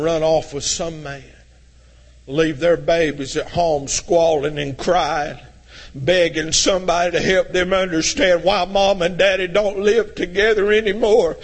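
A man preaching a fiery sermon, swinging between shouted passages and low, intense tones.

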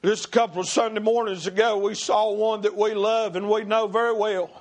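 A preacher whose voice sits unusually high for a man. He preaches with fire to his congregation, rising to shouts and then dropping to an urgent, pleading hush. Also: fairly even intonation, brisk. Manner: impassioned, swings between shouting and hushed pleading. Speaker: pastor. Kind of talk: fiery revival sermon. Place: church sanctuary before a congregation.

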